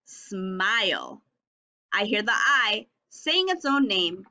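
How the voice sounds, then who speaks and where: A woman leads a phonics lesson for young children, drawing each word out slowly and sounding it letter by letter. Her voice sits a little high and comes across bright and clear. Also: sing-song. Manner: slow, stretched-out sounding of letters and words. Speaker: teacher.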